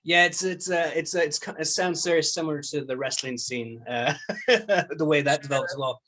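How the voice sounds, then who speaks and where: A man hosting a casual interview, his voice a little higher than most men's. He talks in a relaxed, joking way and often stumbles and restarts mid-thought. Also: normal speed. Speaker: podcast host.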